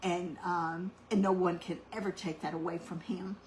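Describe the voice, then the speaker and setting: A middle-aged woman telling a heartfelt personal story in a soft, meandering way, full of ums, growing louder when she gets excited. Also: fairly low pitch, moderate pace, a little hiss or hum, low-quality recording. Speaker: cooking channel host.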